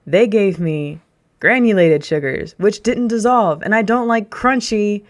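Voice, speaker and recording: A woman's voice: medium pitch, a little slow. A young adult woman streamer chatting casually with her audience, ranting through a story and laughing often. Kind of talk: casual chat to a live audience.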